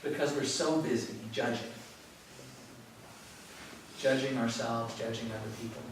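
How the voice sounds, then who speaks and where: A man giving a relaxed, conversational spiritual talk to a yoga class, telling stories and chuckling often. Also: medium pitch, unhurried. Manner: conversational, storytelling with frequent chuckles. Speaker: teacher. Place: yoga studio. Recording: very echoey room from far off, faint noise.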